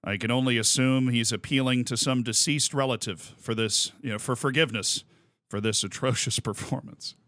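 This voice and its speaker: A man's voice: mid-range voice, fairly even intonation, moderate pace, fairly bright tone, dry recording, clean studio sound, voice pushed down, lightly acted. A man doing an impression of a stern, pompous male sports announcer delivering a solemn, cutting call. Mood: solemn mockery.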